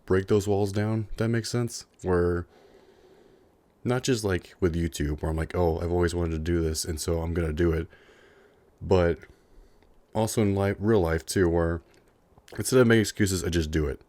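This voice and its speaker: A man's voice: deep voice, steady tone, moderate pace, long pauses, darkish tone, no room sound. A young man in a casual, unscripted vlog, rambling earnestly with lots of fillers, a little out of breath. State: slightly out of breath, chewing a cough drop. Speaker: YouTuber.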